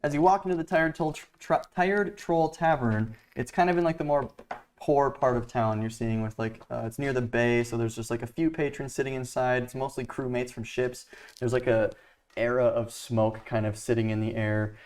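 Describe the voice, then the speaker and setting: A man's voice: mid-range voice, fairly even intonation, moderate pace, darkish tone. A man running a tabletop game as game master, describing scenes casually with lots of fillers. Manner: rambling, full of likes and ums.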